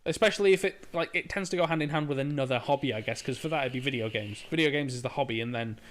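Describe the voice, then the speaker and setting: A man's voice: mid-range voice, fast. A man co-hosting a podcast, explaining things in casual chat with lots of "like" and restarts. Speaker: podcast co-host.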